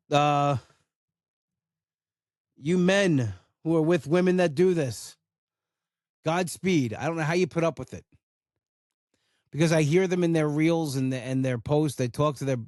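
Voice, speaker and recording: A man's voice: on the high side, a little slow, pauses often, darkish tone, no room sound, clean studio sound. A man hosting a solo podcast, ranting in a blunt, casual way and swearing freely. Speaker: podcast host.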